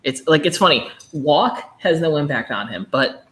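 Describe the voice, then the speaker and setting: A podcast co-host in casual chat, relaxed, joking and now and then dropping to a whisper. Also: mid-range voice, normal speed. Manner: relaxed, tells jokes, drops into whispers.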